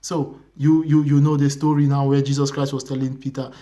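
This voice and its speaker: A young man with a Nigerian accent preaching a sermon, earnest and repetitive, sometimes dropping to a hushed whisper. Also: medium pitch, flat delivery, a little fast. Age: young adult.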